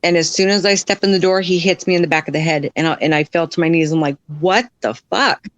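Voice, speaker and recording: A woman's voice: sits low, level tone, no echo, dull audio. A woman speaking as a podcast guest, frank and blunt, in a dry, close sound with no room around her. She talks in plain, unpolished sentences full of fillers. She jumps her voice up when she acts out other people's words. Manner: acts out others' lines in quick voice shifts. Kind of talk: candid personal storytelling.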